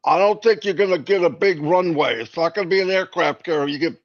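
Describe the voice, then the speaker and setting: Fast and high, this man's voice comes through dull, lo-fi stream audio. Co-hosting a laid-back live stream, he rambles and cracks jokes, filling his speech with fillers and false starts.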